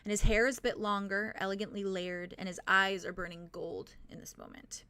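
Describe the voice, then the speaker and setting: A woman's voice: medium pitch, fairly even intonation, brisk, pushed and bright, clear, resonant tone, dry recording. A young adult woman narrating a tabletop game as game master, describing scenes with frequent fillers.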